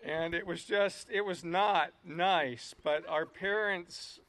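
A man's voice: high-pitched, slow, fairly bright tone, slight background noise. A man preaching a sermon as pastor, often repeating words as he restarts his sentences.

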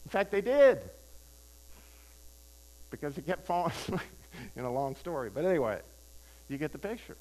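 An older male preacher with a fairly high-pitched voice delivers a sermon in a conversational tone. He hammers home his key phrases by repeating them and keeps asking the crowd questions. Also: big pitch swings, moderate pace, long pauses, a little mellow, rough recording. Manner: conversational, asks the audience questions. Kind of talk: sermon with personal storytelling.

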